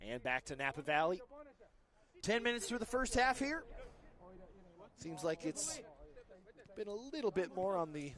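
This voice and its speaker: A man calls a local soccer match in a high, light voice. He keeps up a friendly patter with joking asides and lifts his energy whenever play nears the goal. Traffic can be heard from the roads around the field. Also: measured pace, long pauses, a crowd in the background. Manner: chatty, joking asides, rising excitement on attacks. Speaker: play-by-play commentator. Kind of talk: live soccer commentary.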